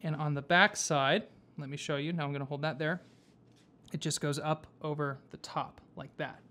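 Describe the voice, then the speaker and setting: A man teaching whipmaking, explaining each step patiently with frequent pauses and fillers. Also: on the high side, steady tone, sharp tone. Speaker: whipmaking instructor. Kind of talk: hands-on craft tutorial. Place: workshop.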